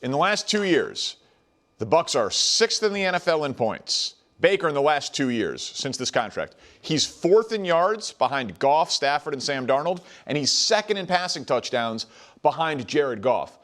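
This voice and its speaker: Brisk, stat-heavy male sports host. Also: a little high, big pitch swings, fairly bright tone. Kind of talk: sports debate talk.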